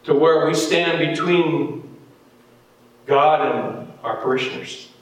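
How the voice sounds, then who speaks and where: A man pastor preaching a sermon, animated and jokey, acting out the characters in the story. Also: fairly high pitch, slow pace. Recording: echoey hall from far off.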